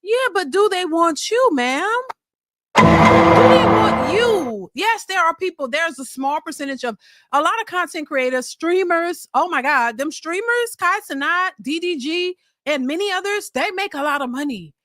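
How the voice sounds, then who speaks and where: A woman's voice: very high-pitched, expressive, moderate pace, pushed and bright. A woman hosting a reaction stream, giving casual commentary on a clip and bluntly firing rhetorical questions at its guest. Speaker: reaction channel host.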